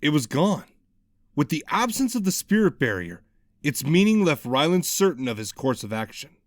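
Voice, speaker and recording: Expressive male audiobook narrator. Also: on the high side, normal speed, no echo, studio quality. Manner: dramatic, expressive reading.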